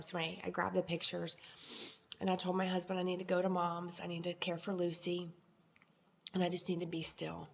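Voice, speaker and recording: Emotional woman with a gravelly voice. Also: fairly low pitch, completely flat delivery, highs cut off, a little hiss or hum. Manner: emotional, halting, with many fillers. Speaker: vlogger. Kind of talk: personal video journal, storytelling.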